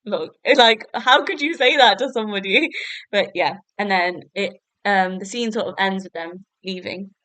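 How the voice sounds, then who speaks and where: A woman's voice: medium pitch, moderate pace, pushed and bright, dry recording. A young woman, chatting casually as a podcast host and laughing often as she talks. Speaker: podcast host reviewing a TV episode. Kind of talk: casual review chat.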